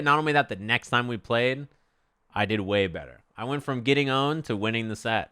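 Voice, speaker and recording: Bright, crisp-voiced male streamer. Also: medium pitch. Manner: animated, swears freely, acts out quotes. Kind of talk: casual stream chat.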